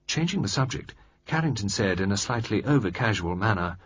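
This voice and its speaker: A man narrating an audiobook in a steady, measured reading style. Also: on the low side, slightly rough, no room sound. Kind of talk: scripted narration. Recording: dry, slightly dull recording.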